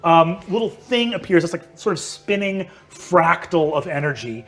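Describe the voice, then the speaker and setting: A man's voice: on the high side, animated, normal speed, fairly bright tone. A man in his thirties narrating as game master in a casual way, with many ums and likes.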